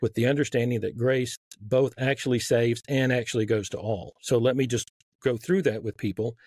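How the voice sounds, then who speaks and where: A man's voice: medium pitch, fairly even intonation, normal speed, darkish tone, no echo. A man with a light Southern accent, a podcast guest explaining his argument earnestly, with frequent restarts. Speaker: guest author. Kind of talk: casual podcast conversation.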